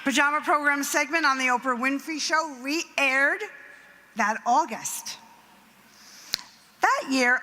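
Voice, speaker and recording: A woman's voice: sits high, sharp tone. A middle-aged woman giving a speech at an event, telling a story with acted quotes and asides. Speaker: nonprofit founder giving a speech. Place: event hall. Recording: reverberant hall, faint noise.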